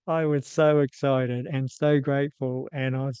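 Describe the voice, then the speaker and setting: Flat-voiced New Zealand man telling a story. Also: medium pitch, clear, resonant tone, no echo, dull audio. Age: 50s. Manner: casual and unhurried, with frequent ums and restarts. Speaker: host. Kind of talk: personal storytelling.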